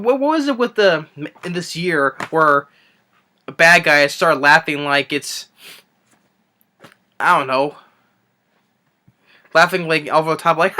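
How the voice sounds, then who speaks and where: A man's voice: on the high side, sharp tone. A young man reviewing a film in an unscripted rant, rambling with many restarts and fillers. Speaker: movie reviewer.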